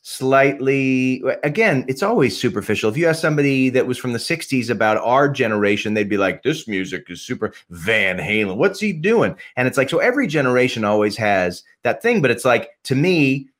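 This podcast guest talks music with real passion, his medium-pitched voice expressive and a little fast with few pauses. He swears freely and keeps restarting sentences in the laid-back conversation.

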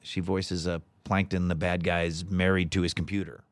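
A man's voice: sits low, little pitch movement, moderate pace, no room sound. A man in his forties, a voice actor chatting as an interview guest, rambling with plenty of fillers and restarts. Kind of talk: casual interview chat.

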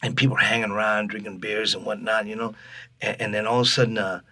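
A man's voice: fairly low pitch, quick pace. A man from Texas telling stories in an interview, acting out the voices of people in his tale. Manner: animated storyteller acting out voices. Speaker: guest musician. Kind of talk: storytelling interview.

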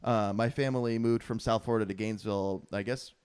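A man's voice: lowish voice, steady tone, fast, a little mellow, clear, resonant tone. Young man hosting a joking podcast. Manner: joking, laughs often, rambling asides. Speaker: podcast host. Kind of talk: casual chat. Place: his father's home office.

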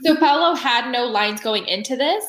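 A woman's voice: high-pitched, lively intonation, normal speed, a bit bright. A woman co-hosting a podcast in a casual chat, giggling and saying "like" a lot. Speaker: podcast co-host. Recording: echoey room.

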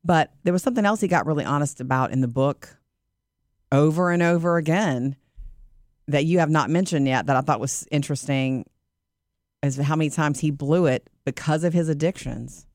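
Male podcast co-host, lively chatty delivery, slightly higher voice, dry close mic. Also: normal speed, no room sound. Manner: chatty, animated retelling. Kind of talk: casual chat.

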